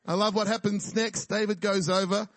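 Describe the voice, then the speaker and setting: A man's voice: high-pitched, flat delivery, normal speed, no room sound. A man preaching a sermon in a casual, jokey way, often checking in with his listeners. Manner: jokey, conversational preaching with frequent "right?" and laughs.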